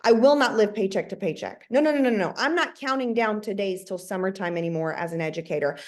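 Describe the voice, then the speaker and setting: A woman's voice: medium pitch, fast talker. A woman in her thirties giving an emphatic motivational talk to her team, often repeating words for emphasis. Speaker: network marketing team leader.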